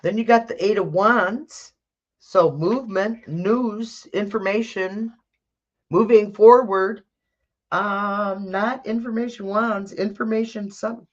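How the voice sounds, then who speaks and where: A woman's voice: mid-range voice, steady tone, takes it slowly, dull audio. A woman doing a live tarot reading, chatting casually and thinking aloud as she corrects herself. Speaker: tarot reader.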